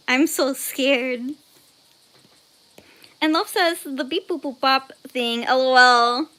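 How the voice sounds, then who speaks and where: Speaking slowly in a high voice with a sharp tone, a young woman runs an art livestream. She casually reads out chat messages and talks, laughing frequently and letting out squeals when something surprises her.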